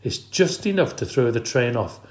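A man's voice: medium pitch, sing-song, moderate pace, roomy sound, lightly acted. A man reading an audiobook, voicing an eager, helpful young schoolboy who explains things keenly. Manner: bright, keen, explaining.

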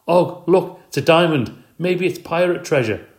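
Man voicing an excitable storybook hamster, squeaky, high-pitched, eager, roomy echo. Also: moderate pace. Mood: excited. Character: excitable little male pet hamster.

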